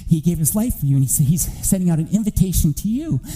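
A man preaching a church sermon, telling a family testimony as an animated story that climbs toward near-shouting. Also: fairly high pitch, fast, low-quality recording.

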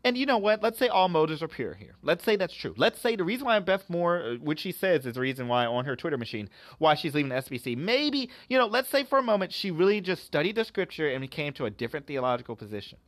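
A man's voice: fairly high pitch, very animated, quick pace, few pauses, dry recording. A man hosting a podcast, giving religious and political commentary with emphatic rhetorical questions.

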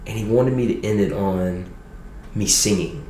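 Low-voiced young man telling a story. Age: young adult. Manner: animated, quick storytelling with acted quotes. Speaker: podcast guest. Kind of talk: personal testimony storytelling. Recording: roomy room echo with faint noise.

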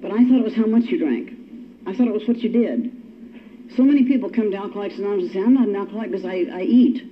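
A woman's voice: mid-range voice, very fast. Wry older woman telling her story. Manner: wry, self-mocking storyteller. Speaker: recovery meeting speaker. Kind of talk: personal testimony talk. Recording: dull lo-fi recording with faint hiss.

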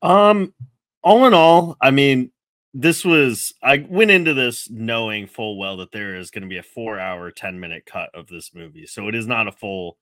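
A man's voice: medium pitch, lively intonation, moderate pace, a bit bright, dry recording. A man who is a guest film critic in a casual review chat, blunt and profane in how he talks.

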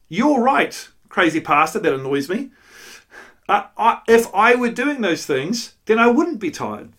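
High-voiced earnest male pastor. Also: fairly bright tone. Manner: conversational, earnest, self-deprecating storytelling with frequent "you know". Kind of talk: sermon.

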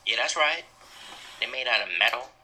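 A man co-hosting a podcast in casual joking chat, rambling into absurd deadpan tangents. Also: mid-range voice, moderate pace, a little hiss or hum, rough recording. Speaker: podcast co-host.

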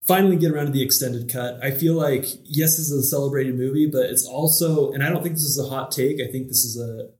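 A man's voice: mid-range voice, fast talker, hardly any pauses, darkish tone, echoey room. A man co-hosting a casual podcast chat, wry and reflective, often restarting his sentences. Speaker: podcast co-host.

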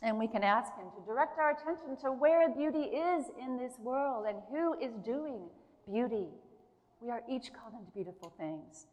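A woman's voice: fairly high pitch, lively intonation, darkish tone. Woman preaching in a reverberant church. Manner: earnest, slow and emphatic, pausing between phrases. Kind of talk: sermon. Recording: long hall reverb.

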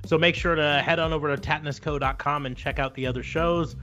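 A man's voice: fairly high pitch, steady tone, a little fast, pushed and bright, dull audio. An American man hosting a wrestling podcast, joking around in loose casual chat with lots of fillers. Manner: jokey, loose, with many fillers. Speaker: podcast host.

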